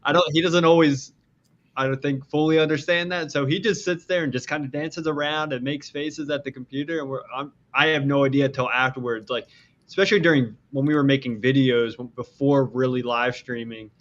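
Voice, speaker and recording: A man, a streamer guest on a podcast, chatting in a relaxed, rambling way. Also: mid-range voice, fairly quick. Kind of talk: casual chat. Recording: dull lo-fi audio.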